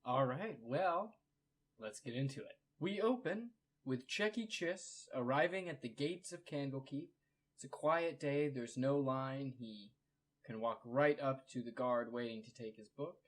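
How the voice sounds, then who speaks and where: A man runs a tabletop game as game master, speaking in a relaxed, easygoing way. His pitch sits in a middle range. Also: unhurried.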